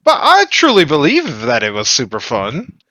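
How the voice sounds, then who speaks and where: Playful male tabletop player with an animated voice. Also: fairly high pitch, moderate pace, very noisy. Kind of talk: tabletop role-play.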